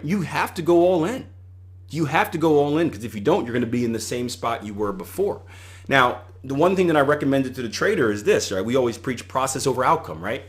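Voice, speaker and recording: A middle-aged man hosting a solo podcast, giving conversational coaching advice and retelling anecdotes with animation. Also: lowish voice. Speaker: podcast host and trading coach.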